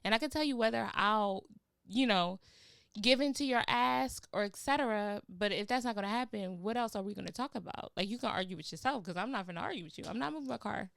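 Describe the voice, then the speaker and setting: A woman hosting a podcast, telling stories in an animated way and using casual slang. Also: mid-range voice, fast talker, gravelly, no room sound, clean studio sound. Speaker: podcast host.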